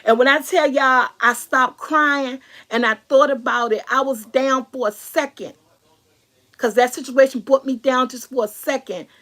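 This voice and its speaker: Emphatic middle-aged woman vlogger, high-pitched. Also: steady tone, normal speed, fairly bright tone. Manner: preachy, emphatic, repeats lines. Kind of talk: casual motivational talk.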